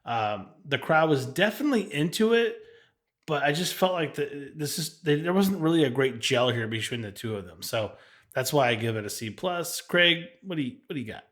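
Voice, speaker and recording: A man's voice: a little high, lively intonation, normal speed, a bit bright. A man co-hosting a wrestling podcast, giving blunt ratings in casual, exasperated chat. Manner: blunt, exasperated, says bro. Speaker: podcast co-host.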